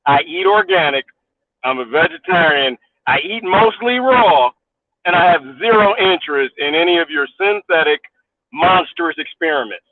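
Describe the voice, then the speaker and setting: High-pitched mocking man ranting. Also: sing-song, normal speed, no room sound. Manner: mocking, laughs often, repeats himself. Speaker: vlogger. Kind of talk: casual rant to camera. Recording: tinny phone-like dry sound.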